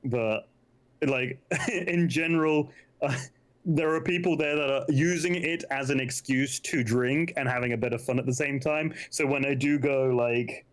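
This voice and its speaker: A man co-hosting a laid-back livestream, joking and teasing his partner and breaking into laughter often. His pitch sits in the middle range. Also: normal speed. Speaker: livestream co-host. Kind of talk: casual chat.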